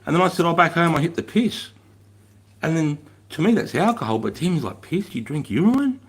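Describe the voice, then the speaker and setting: A man's voice: a little high, sing-song, fast talker, fairly bright tone, breathy edge. A middle-aged man hosting a livestream in casual chat, swearing freely, rambling and laughing as he reads out viewer comments. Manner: profane, rambling, laughs often. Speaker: livestream host.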